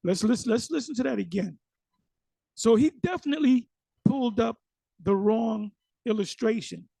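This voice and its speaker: A man's voice: extremely high pitch, normal speed, vocal fry, dark tone, no echo. A man giving casual, emphatic commentary on a sermon video. He often repeats words and uses slang.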